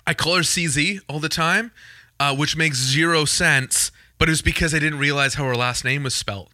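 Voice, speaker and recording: Man, Canadian, podcast co-host, bright voice, joking, dry close sound. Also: on the high side, no echo. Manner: joking, quick, laughs often. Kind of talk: casual podcast chat.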